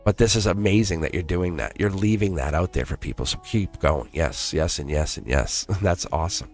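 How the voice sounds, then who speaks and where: A man's voice: low-pitched, moderate pace, faint music behind. A man giving a live-streamed tarot reading in an earnest way, repeating himself and laughing often. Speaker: tarot reader.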